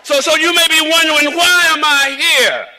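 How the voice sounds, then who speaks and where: A man's voice: very high-pitched, steady tone, normal speed, heavy background noise. A man from South Carolina with a Southern drawl, giving a rhythmic, preacherly rally speech outdoors. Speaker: rally speaker. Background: cheering crowd.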